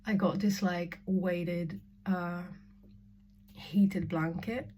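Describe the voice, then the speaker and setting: Very slow and fairly low, with fairly even intonation and a little hiss or hum in the recording, a young woman from Spain addresses the camera in her casual spiritual vlog. She's open and foul-mouthed, laughs often, and moves between loud moments and whispers throughout this candid monologue.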